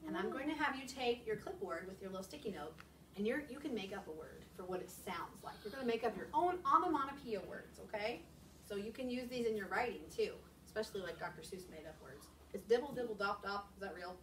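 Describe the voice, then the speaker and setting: Animated woman teaching young kids. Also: medium pitch, fast talker, slight background noise. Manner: animated and expressive, asking many questions. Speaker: elementary school teacher. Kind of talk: teaching a class of young children. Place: classroom. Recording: echoey classroom, camera far off.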